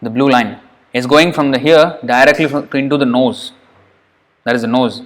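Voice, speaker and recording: A patient male teacher walks through pronunciation one sound at a time. He says each syllable slowly and repeats it so the listener can hear it clearly. His pitch is middling and his explanations are plain, with the odd light aside. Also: fairly bright tone. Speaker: Sanskrit teacher. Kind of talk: pronunciation lesson.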